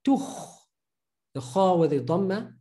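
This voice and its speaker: A man's voice: high-pitched, lively intonation, dark tone. A man teaching reading in a recorded pronunciation lesson, patiently drilling syllables and repeating each sound several times. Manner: patient, drills syllables with many slow repetitions.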